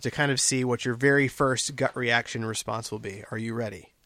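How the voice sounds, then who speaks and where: A man hosting an interview, relaxed and enthusiastic, reading out fan questions and chatting. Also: medium pitch, a little fast, no echo. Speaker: interview host. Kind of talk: casual interview chat.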